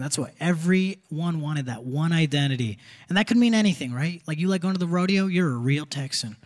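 A young man in his twenties performing a live stand-up set, with quick conversational punchlines. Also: fairly high pitch, expressive, darkish tone. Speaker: stand-up comedian. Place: theater stage with live audience. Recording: live audience laughter, faint crowd noise.

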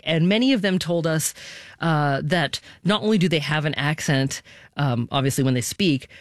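A woman hosting a public radio talk show, asking measured, thoughtful questions into a studio microphone. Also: sits low, no room sound.

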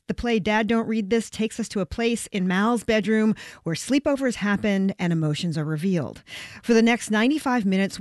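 A woman interviewing theater guests, introducing them in a composed, measured way. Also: mid-range voice, no room sound, clean studio sound. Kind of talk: arts interview with scripted intro.

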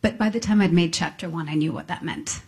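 Husky, thoughtful woman musician. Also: sits low. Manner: thoughtful, halting restarts, soft laughs. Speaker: musician guest. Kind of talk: reflective interview talk. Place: on stage before an audience.

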